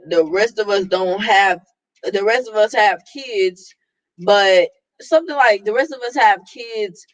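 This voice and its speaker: A woman's voice: mid-range voice, no echo, poor audio. Blunt, exasperated woman ranting. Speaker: vlogger. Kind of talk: casual opinion rant.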